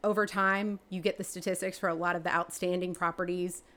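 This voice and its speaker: A woman, answering interview questions in a chatty way, with many fillers and restarts, her pitch jumping up when she gets excited. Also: a little fast. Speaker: real estate agent and team leader.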